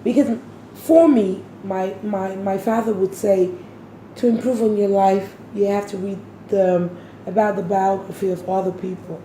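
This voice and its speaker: A woman hosting an interview, asking measured questions with frequent fillers. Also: medium pitch, steady tone, mellow. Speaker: interview host. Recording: roomy with faint noise.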